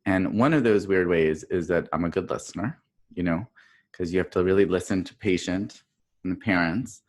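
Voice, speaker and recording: A man's voice: sits low, moderate pace, a little mellow. A middle-aged man who works as a pediatrician and public health dean. He gives a chatty conference talk over a video call, telling stories with plenty of fillers and restarts. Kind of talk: casual virtual conference talk. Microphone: video call microphone.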